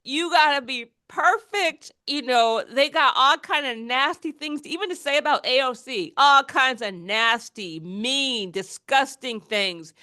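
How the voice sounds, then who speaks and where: Animated high-voiced woman host. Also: measured pace, hardly any pauses, clean tone, no echo, clean studio sound. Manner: animated, mocking quoted voices, frequent restarts. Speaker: podcast host. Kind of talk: casual political chat.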